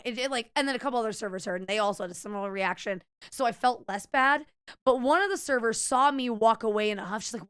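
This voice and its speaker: A young woman streams and talks to her viewers in an animated, swearing storytelling style, stumbling now and then over her words. Her voice sits a little high and sounds bright and crisp. It is recorded close on a mic in a dry room. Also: fast talker, no room sound. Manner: animated storytelling, quoting herself, swears often, slight stutter. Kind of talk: casual chat to stream viewers.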